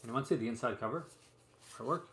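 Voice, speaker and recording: A man's voice: mid-range voice, quick pace, vocal fry, fairly bright tone. Chatty man in an echoey room. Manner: chatty and rambling, many fillers and asides. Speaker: host showing physical media releases. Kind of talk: casual live-stream chat. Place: room at home. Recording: roomy echo, faint room noise.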